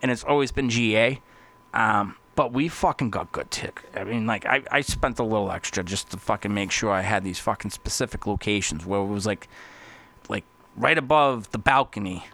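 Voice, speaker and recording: A man talking casually as a podcast host, rambling and swearing constantly, getting excitable. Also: fairly low pitch, moderate pace. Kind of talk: casual profane monologue.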